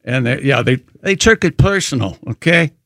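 A man co-hosting a morning radio show, bantering casually and joking in a dry, drawn-out way. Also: mid-range voice, animated, a bit bright, no echo.

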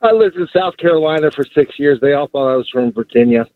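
A man phoning in to a sports show, his voice a touch high and thin. He rambles and stalls with fillers. It comes through a dry, tinny phone line. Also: no room sound. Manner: rambling, halting, many fillers. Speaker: caller. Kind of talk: phone-in chat. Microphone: telephone.

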